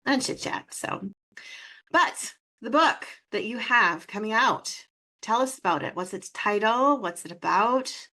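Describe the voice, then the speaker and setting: A woman with a Minnesotan accent hosting a podcast interview, bubbly and quick to laugh in casual chat. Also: on the high side, expressive, bright, forceful tone. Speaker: podcast host.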